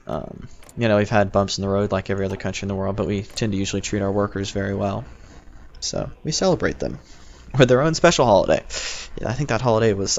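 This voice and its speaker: Gravelly young American man streaming. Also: lowish voice. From United States. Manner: rambling, chatty, answers chat. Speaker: livestreaming gamer. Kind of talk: casual livestream chat. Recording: dull lo-fi stream audio with faint noise.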